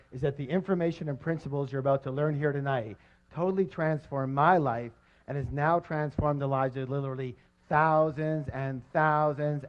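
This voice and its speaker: A middle-aged man giving a live motivational seminar, energetic and jokey, constantly quizzing his audience on a dull lo-fi recording. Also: on the high side.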